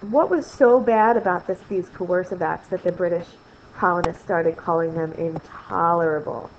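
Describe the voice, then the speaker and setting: A woman's voice: lowish voice, normal speed. A woman teaching a history lesson in a recorded screen lecture, chatty and often asking "right?". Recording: slightly dull, faint noise.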